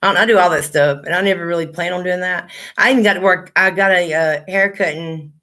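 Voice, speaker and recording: A woman's voice: fairly low pitch, fairly even intonation, fast talker, pushed and bright. Blunt, cussing woman. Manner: blunt, profane storytelling. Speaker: livestream host. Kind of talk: casual chat.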